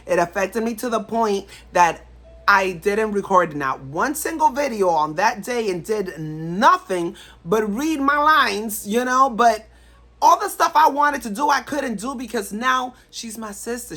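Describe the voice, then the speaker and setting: A woman's voice: mid-range voice, expressive, normal speed, sharp tone. A woman vlogger talking straight to camera in a blunt, emphatic way, often repeating herself for stress. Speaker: vlogger giving life advice. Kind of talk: casual talk to camera.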